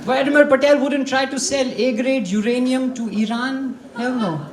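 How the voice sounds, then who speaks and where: Young indian guy doing standup, deadpan, swears a lot, echoey room, noisy crowd. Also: very high-pitched, moderate pace. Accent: Indian English. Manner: deadpan, profane, mock-menacing punchlines. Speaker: stand-up comedian. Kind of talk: stand-up comedy set. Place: comedy club stage with audience. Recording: echoey club, loud crowd laughter.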